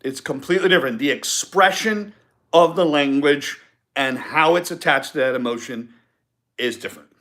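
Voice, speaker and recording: Bright-voiced man giving a motivational talk. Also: a little high, moderate pace. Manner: emphatic, repeats key points, acts out example phrases. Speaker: podcast host. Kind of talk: live-stream motivational talk.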